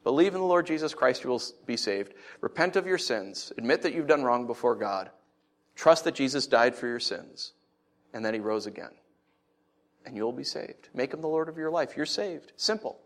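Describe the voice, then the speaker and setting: A man preaching a sermon who tells stories with animated swings, then teaches in an earnest, conversational way. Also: normal speed. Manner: animated storytelling, lively swings in pitch and loudness. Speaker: pastor.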